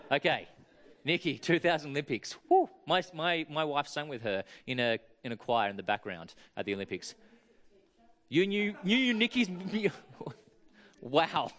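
A man's voice: on the high side, fairly bright tone. Joking preacher man. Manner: chatty, joking with the congregation. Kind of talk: sermon with audience interaction.

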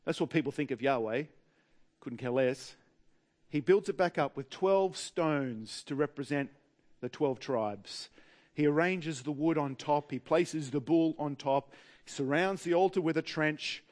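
A man with an Australian accent preaching a sermon in a wry, humorous way, with dramatic pauses. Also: a little high, a little mellow.

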